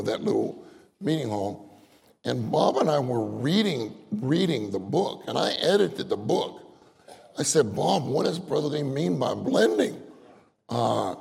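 An older male preacher speaks in a deeply gravelly, creaky voice. He talks in an animated, conversational way and acts out little prayers. His voice rings with a long reverb, as if in a meeting hall. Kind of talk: sermon.

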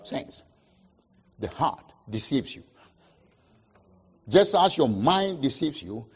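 A man preaching a sermon, asking the congregation questions and answering them, with sharp swings between loud emphasis and quiet asides. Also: medium pitch, big pitch swings, takes it slowly, husky, highs cut off. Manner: call-and-response questions, emphatic swings in loudness.

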